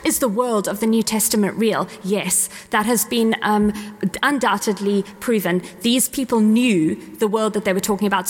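A woman's voice: medium pitch, big-room sound. A woman giving an earnest, enthusiastic talk on faith to a live audience, often correcting herself mid-sentence.

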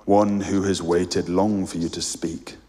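A man voicing a huge ancient lion with a large, deep voice, speaking slowly and gravely as he reads aloud. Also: level tone, mellow. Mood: solemn. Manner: slow, grave, measured. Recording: long hall reverb.

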